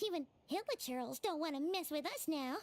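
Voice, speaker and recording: Tiny chirpy game companion, childlike, very high voice, lively swoops, faint music behind. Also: female voice, moderate pace. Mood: curious chirpy. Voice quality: bright childlike voice. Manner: curious, chatty, refers to herself by name. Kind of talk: game voice acting.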